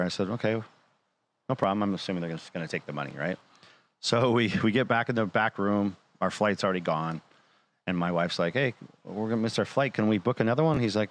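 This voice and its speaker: A man's voice: on the low side, a little fast. A man casually telling a personal story, acting out the dialogue and swearing freely. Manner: animated retelling, acting out quoted dialogue.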